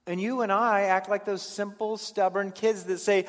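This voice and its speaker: Earnest pastor preaching in a reverberant hall. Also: male voice, high voice, normal speed, hardly any pauses. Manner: earnest, stammering restarts, swings between hushed and raised delivery. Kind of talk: sermon.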